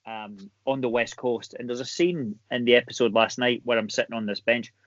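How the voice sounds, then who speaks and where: A man's voice: medium pitch, no room sound. A Scottish man from the West Coast, a guest actor talking candidly and chattily on a podcast from his home over a video call. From Scotland. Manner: chatty and candid, quick to laugh. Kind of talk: casual podcast interview. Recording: dull, dry video-call audio.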